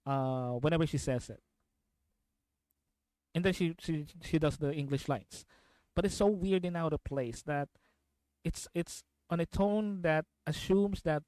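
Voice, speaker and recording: A man's voice: on the high side, darkish tone, no room sound. A man chatting casually on a live stream, rambling, repeating himself and laughing often.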